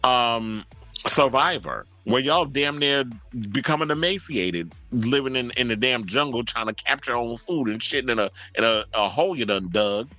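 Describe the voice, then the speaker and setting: A man hosting a casual commentary show, talking in a chatty, profane and animated way. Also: medium pitch, normal speed, no room sound, faint music behind. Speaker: host.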